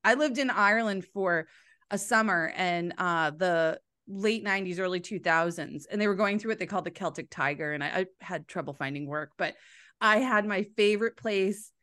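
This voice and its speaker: A woman hosting a casual interview, effusive and animated, gushing often as she chats with her guest. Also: lowish voice. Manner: effusive, animated, quick to gush. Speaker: host.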